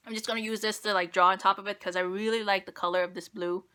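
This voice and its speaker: Bright-voiced young woman chatting through makeup. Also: mid-range voice, fairly even intonation, fast, clean tone. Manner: rambling self-deprecating, talks while applying makeup. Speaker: beauty vlogger.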